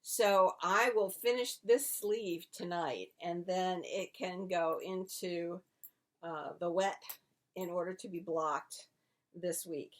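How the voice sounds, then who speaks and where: A woman's voice: lowish voice, slow. A woman co-hosting a knitting podcast, chatting casually and explaining her projects step by step. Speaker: podcast co-host.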